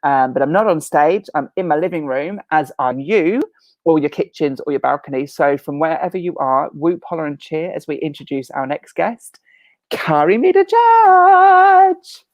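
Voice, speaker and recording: A woman's voice: sits low, brisk, darkish tone, no room sound, lo-fi sound. A woman from Britain hosting a casual chat over a video call from her living room, bubbly and laughing often. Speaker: host.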